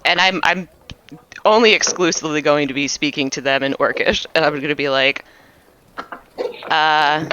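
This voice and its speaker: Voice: medium pitch, normal speed, long pauses, pushed and bright. A player in a tabletop game, talking in a joking, chatty way, partly in character. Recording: dull lo-fi mic with faint hiss.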